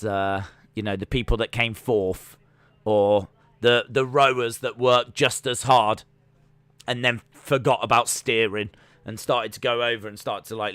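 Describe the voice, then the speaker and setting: A man's voice: on the low side, fairly bright tone, clean tone, no room sound. A man hosting a casual watch-along livestream, rambling and full of "like" and restarts. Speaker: livestream host.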